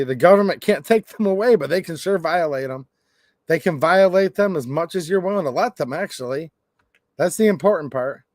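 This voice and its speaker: A man's voice: a little high, dry recording, clean studio sound. Rambling man hosting a livestream. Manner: rambling, jokey, reads chat aloud. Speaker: gun rights channel host. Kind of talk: casual livestream chat.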